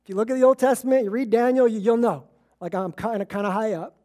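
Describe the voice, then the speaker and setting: Woman preacher, mellow warm voice, casual storytelling sermon, acts out the quotes. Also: on the high side, steady tone, fast talker. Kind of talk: conversational sermon.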